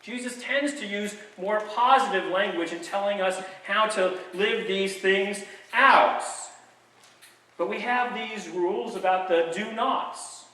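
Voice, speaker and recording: A man's voice: high voice, takes it slowly, bright, forceful tone. A man preaching a sermon as pastor, conversational and dotted with wry jokes. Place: church sanctuary. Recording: echoey sanctuary, mic at a distance.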